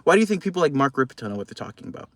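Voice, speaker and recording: A man's voice: a little high, very animated, very fast, no echo. A young man giving heated, profane post-fight boxing commentary in a casual vlog. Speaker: boxing vlogger.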